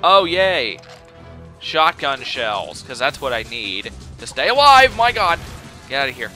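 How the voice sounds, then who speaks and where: Excitable young gamer, bright lively voice. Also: male voice, mid-range voice, measured pace, soft background music. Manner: excitable, exclaiming and panicking. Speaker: let's play gamer. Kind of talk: casual gameplay commentary.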